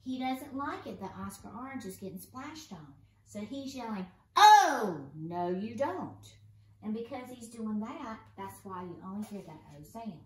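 A woman teaching a first grade phonics lesson, sounding out letters slowly and asking encouraging questions. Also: a little high, lively intonation. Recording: roomy echo, faint room noise.

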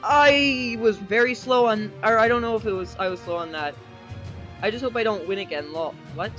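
A man giving excitable live commentary while playing an online game, with a desk microphone. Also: high voice, highs cut off. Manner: excitable, quick reactions and exclamations. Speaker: gamer. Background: faint game music.

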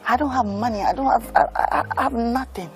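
A man's voice: very high voice, brisk, gravelly, soft background music. A man with a Nigerian English accent playing a broke, self-pitying boyfriend in a film drama.

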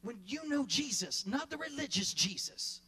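A male pastor preaching a sermon in church, repeating his phrases and building to shouts, then dropping into quick quiet asides. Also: extremely high pitch, lively intonation. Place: church sanctuary.

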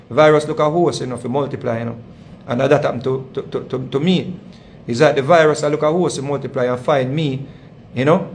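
A channel host with a Jamaican accent delivers a long, rambling storytelling monologue, repeating himself and using heavy patois phrasing. His voice is mid-range, with slight background noise.

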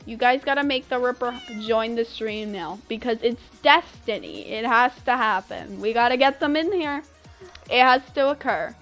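A woman's voice: fairly high pitch, moderate pace, fairly bright tone. A young woman streaming a game, chatting playfully with her viewers, giggling and humming made-up tunes. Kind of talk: casual live-stream chatter while gaming. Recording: faint game music behind.

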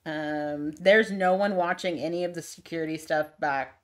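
A woman co-hosting a casual book club podcast, recapping the plot and tossing in quick quoted lines from the characters. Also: low-pitched, fairly even intonation. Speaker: podcast co-host.

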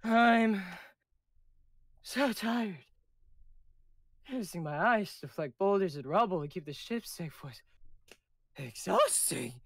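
A woman's voice: medium pitch, animated, takes it slowly, long pauses, no echo, clean studio sound. A woman streaming a game, chatting casually and playfully reading characters' lines aloud.

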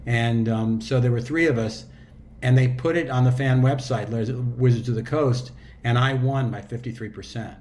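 A man in his sixties, an audiobook narrator and actor, chatting as a guest in a relaxed, reflective way with loose fillers and restarts. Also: mid-range voice, normal speed. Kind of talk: casual interview chat.

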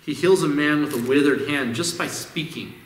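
Speaking at a moderate pace, this pastor has a fairly high voice, with a little hiss or hum on the recording. His sermon in the church sanctuary is conversational, and he repeats words as he restarts his phrases. The hall echoes, and the mic sits far away.

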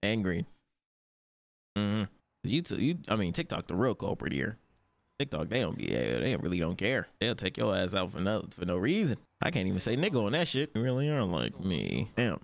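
A man's voice: on the low side, moderate pace, creaky. A man hosting an anime reaction, talking in casual slang with frequent laughs and swearing. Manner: excitable, laughs often, heavy slang and swearing.

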